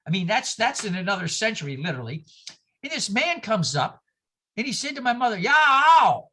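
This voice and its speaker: An older man from New York leads a class over a video call. His voice is bright and ringing, and his pitch swings widely as he talks. He is animated and digressive, slipping into anecdotes and asides. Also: brisk, a little hiss or hum. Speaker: minister teaching a class.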